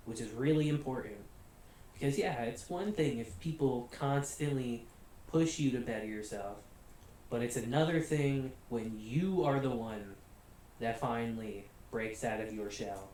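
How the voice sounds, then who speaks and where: A chatty American man talks through an anime review in a relaxed, rambling way, laughing often. His voice sits in a very reverberant room, a little off the microphone, with faint hiss behind it. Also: medium pitch, recorded from a distance. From United States. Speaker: anime reviewer, channel host. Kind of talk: casual spoken review.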